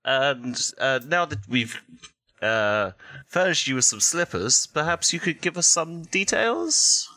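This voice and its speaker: A man's voice: a little high, sing-song, slow pace, sharp tone. A man playing a tabletop game, questioning in a formal, overly polite way. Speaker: tabletop player. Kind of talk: tabletop role-play, polite questioning character.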